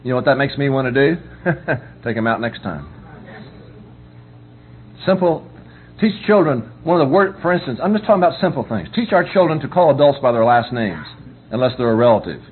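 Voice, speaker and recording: Middle-aged male preacher, folksy conversational sermon delivery, mid-pitched voice, lo-fi phone-line recording. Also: lively intonation, a little fast. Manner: folksy, keeps asking "you understand?". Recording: tinny phone-like recording with faint hum.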